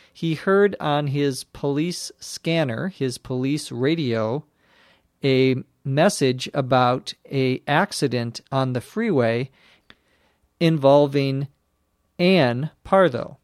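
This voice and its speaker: A man narrating a detective story slowly and clearly, as an audiobook for learners. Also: medium pitch, no room sound, studio quality. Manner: slow and clearly spaced.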